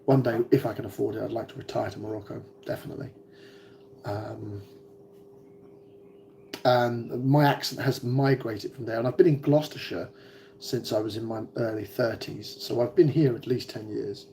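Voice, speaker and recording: A man's voice: mid-range voice, steady tone, moderate pace, vocal fry, warm tone, slight background noise. A man in his forties with a British accent, chatting casually with viewers on a livestream, rambling and hesitant with many ums and restarts. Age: 40s. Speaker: vlogger.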